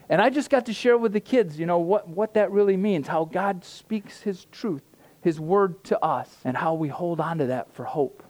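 A middle-aged male pastor gives a casual, conversational sermon. His voice sits a little high for a man. He talks in loose, self-deprecating asides full of fillers and restarts. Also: normal speed, darkish tone. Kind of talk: informal sermon.

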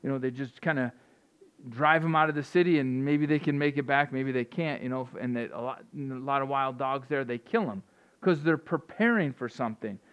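A man's voice: medium pitch, moderate pace, clear, resonant tone. A man preaching an informal sermon in a conversational way, often repeating and restarting words. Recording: dull lo-fi sound.

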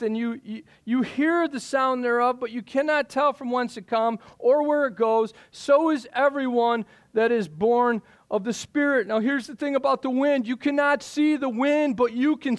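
A middle-aged man preaching a sermon as pastor, emphatic, repeating key phrases and dropping low for stress.

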